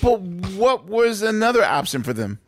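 A man interviewing, reacting with quick surprised questions in casual chat. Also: high voice, big pitch swings, dry recording, studio quality.

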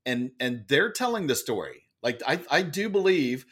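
A man telling a story as a podcast guest, with a loud and lively manner. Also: mid-range voice, moderate pace. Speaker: guest, author and speaker. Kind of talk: animated storytelling in a podcast interview.

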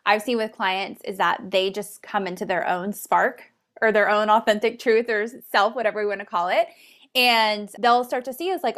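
A woman's voice: medium pitch, normal speed, fairly bright tone. A woman hosting an interview, enthusiastic and affirming, chatting casually about leadership. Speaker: podcast host. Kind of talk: conversational interview.

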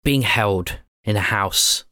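A man voicing a nervous informant who speaks haltingly. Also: lowish voice, bright, forceful tone, no echo, clean studio sound. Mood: urgent.

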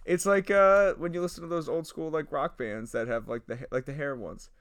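A man's voice: on the high side, steady tone, fairly quick, clean tone, no echo. A man co-hosting a podcast, chatting casually with playful, jokey asides. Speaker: podcast co-host. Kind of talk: casual chat.

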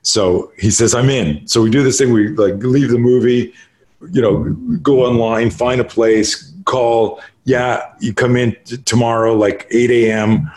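A middle-aged man from Canada, a martial artist guest on a podcast, telling stories in a casual, profane, animated way. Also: medium pitch, unhurried. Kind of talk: casual storytelling.

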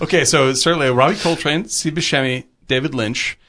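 A man's voice: fairly high pitch, background noise. A man co-hosting a podcast, joking and laughing in casual chat. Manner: joking, animated, quick to laugh. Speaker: podcast co-host.

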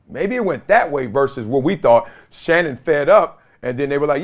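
A podcast host talks animatedly to the camera from his home basement, recorded on a video camera or phone. His voice is fairly high and moves at a moderate pace with hardly any pauses. It's casual solo commentary, slangy and full of laughter.

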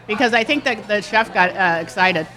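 A woman co-hosting a podcast in a restaurant, asking questions in an excitable way. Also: medium pitch, moderate pace, crowd noise. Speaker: podcast co-host. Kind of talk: casual podcast chat.

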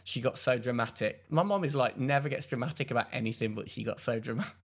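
A young English man, co-hosting a casual podcast, tells a rambling story and imitates other people's voices along the way. His voice is mid-range and fast.

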